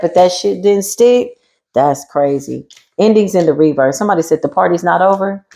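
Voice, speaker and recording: A woman giving a casual tarot reading with a sassy, mocking manner, swearing freely and laughing loudly. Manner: swings between low murmurs and high teasing squeals. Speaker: tarot reader.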